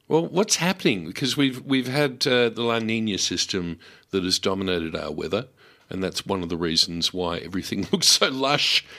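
A man's voice: low voice, pushed and bright. An Australian man hosting a community radio show, chatty and enthusiastic, with lots of fillers.

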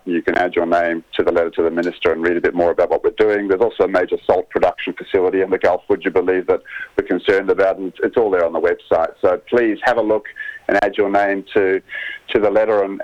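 A man, a conservation campaigner speaking earnestly as a phone guest in a radio interview, often restarting his sentences. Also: low voice. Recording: dull phone line.

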